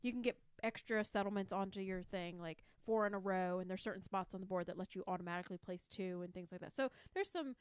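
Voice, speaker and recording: A woman's voice: mid-range voice, fast, hardly any pauses, smooth, no echo. A woman co-hosting a podcast, chatting enthusiastically about a board game and rambling a little. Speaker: podcast co-host. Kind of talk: casual board game chat.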